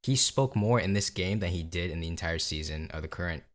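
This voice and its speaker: Deep-voiced man in casual game chat. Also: a little fast. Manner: relaxed, teasing, swears casually. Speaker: podcast co-host. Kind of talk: casual chat about video games.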